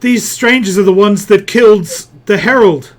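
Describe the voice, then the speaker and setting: A man's voice: sits high, normal speed, voice pushed up, close to an everyday voice. A man voicing a scheming female villain who escapes by ice magic, speaking haughtily. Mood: urgent.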